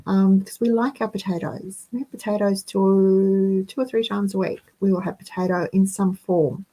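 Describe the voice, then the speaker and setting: A woman's voice: medium pitch, fairly even intonation, normal speed, dark tone, rough recording. A woman hosting a casual live chat, reading out viewer comments as she talks to her audience. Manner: chatty, reads out viewer comments. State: out of breath. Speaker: host.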